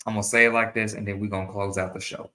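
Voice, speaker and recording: A man's voice: lowish voice, little pitch movement, racing, bright, forceful tone, roomy sound. A man hosting his own show, giving earnest opinion commentary in a monologue and often repeating and restarting his phrases. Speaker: show host.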